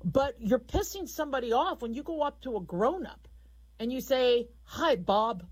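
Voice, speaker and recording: A woman's voice: sits high, lively intonation, normal speed, darkish tone, low-quality recording. A middle-aged woman hosting a radio call-in show, talking frankly in a rambling, conversational monologue.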